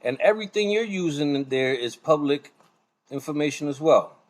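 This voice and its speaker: A man's voice: on the high side, expressive, moderate pace. A man streaming a reaction video, ranting and confronting another streamer in a heated, profane way. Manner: confrontational, profane, calls the other man son.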